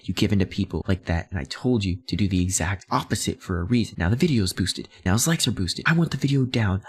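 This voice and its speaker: A man doing fast, sarcastic commentary while reading out chat messages, with swearing asides. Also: low voice, slightly rough. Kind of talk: commentary reading screenshots aloud.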